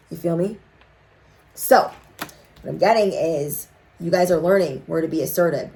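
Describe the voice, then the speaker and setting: A young woman tarot reader chatting casually to her viewers, telling a story in an animated, slangy way. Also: lowish voice, moderate pace.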